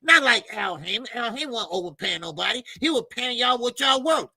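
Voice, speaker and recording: A man's voice: very high-pitched, lively intonation, a little fast, creaky, bright, forceful tone, slightly rough, no echo, rough recording. A male boxing show host, ranting heatedly and profanely on a livestream.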